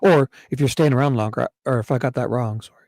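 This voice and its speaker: A man hosting a casual livestream, soft-spoken and a little apologetic. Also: mid-range voice, quick pace, no room sound. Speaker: livestream host.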